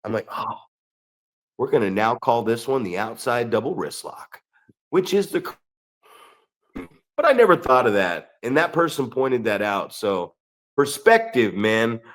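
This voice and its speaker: A man's voice: mid-range voice, unhurried, pauses often. A man co-hosting a wrestling podcast, telling ring stories with lots of swearing and acted-out voices. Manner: animated storytelling, acts out voices, swears a lot. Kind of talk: casual podcast chat.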